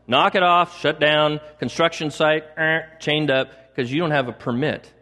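Male pastor, fairly high voice, emphatic repetitive preaching, long hall reverb. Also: steady tone, a little slow, hardly any pauses, bright, forceful tone. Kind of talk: sermon.

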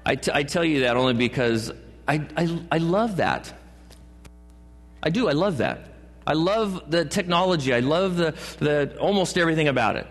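A man's voice: fairly high pitch, sing-song, moderate pace. A man preaching a sermon as a pastor, with playful asides and jokes. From California. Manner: joking asides and playful put-on voices. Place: church sanctuary. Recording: long church hall reverb.

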